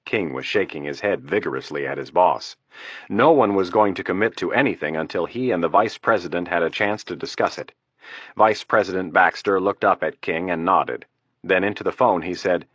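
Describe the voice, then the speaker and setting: A man narrates an audiobook in a steady, measured way. His voice sits low. The recording is dry, with no room sound. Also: dry recording.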